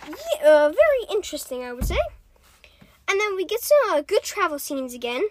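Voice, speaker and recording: A woman's voice: sits high, big pitch swings, a little fast, noisy background. A woman co-hosting a podcast, chatty and giggly, recapping with lots of fillers. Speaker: podcast co-host.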